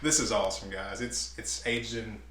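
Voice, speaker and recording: A man's voice: fairly low pitch, fairly even intonation, normal speed, a bit bright. A man co-hosting a casual wine tasting chat, teasing and playful. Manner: teasing, playful, laughs often. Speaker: co-host. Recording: echoey room with faint noise.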